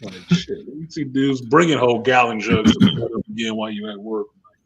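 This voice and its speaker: A man's voice: medium pitch, brisk, creaky, a crowd in the background. A man hosting a casual livestream hangout, telling profane stories and laughing often. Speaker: podcast host.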